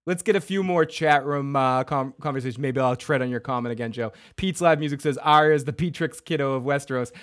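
A man's voice: mid-range voice, quick pace, few pauses, a bit bright. A man hosting a live recap show, reading out chat comments and retelling scenes in a loose, rambling way with fillers. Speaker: podcast host.

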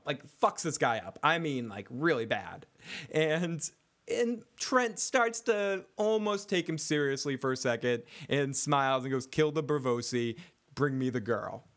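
Guy cohosting a recap podcast, gets hyped, swears a lot, keeps restarting himself. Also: medium pitch. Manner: excitable, swearing, many restarts. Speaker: podcast co-host. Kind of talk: casual recap chat.

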